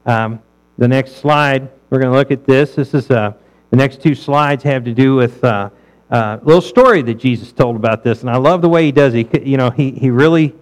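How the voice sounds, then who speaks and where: A man's voice: medium pitch, poor audio. A male pastor preaching a sermon in a conversational way, asking his listeners rhetorical questions.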